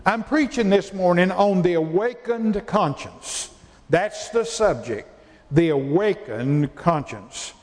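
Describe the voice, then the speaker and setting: A man's voice: sits high, lively intonation, takes it slowly, darkish tone, big-room sound. A male pastor preaching a sermon in a folksy way, repeating phrases for emphasis.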